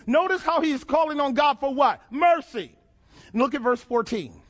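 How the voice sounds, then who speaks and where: High-voiced preacher with drawl. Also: male voice, very animated, normal speed. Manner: preaching with call-and-response questions and dramatic repetition. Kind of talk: sermon.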